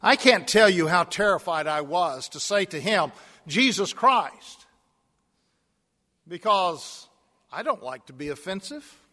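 A man's voice: sits high, lively intonation, normal speed, sharp tone. A man preaching a sermon, telling a personal story and building to emphatic repeated calls. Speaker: pastor. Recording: long hall reverb.

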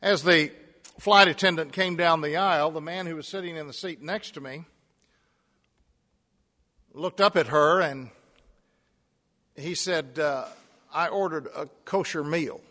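High-voiced preacher in a reverberant hall. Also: male voice, a little slow, long pauses, bright, forceful tone. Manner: storytelling, building to emphatic repeated calls. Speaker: pastor. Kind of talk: sermon.

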